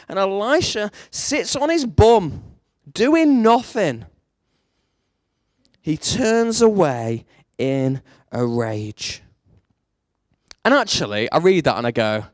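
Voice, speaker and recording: Animated male preacher, fairly high voice. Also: measured pace, no echo, clean studio sound. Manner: animated storytelling, swings between hushed and emphatic. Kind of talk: sermon.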